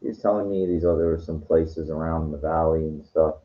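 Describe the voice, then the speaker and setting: A man's voice: rumbling low, fairly even intonation, fairly quick. An older man telling a rambling, frustrated story in casual talk, swearing freely. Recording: dull lo-fi sound.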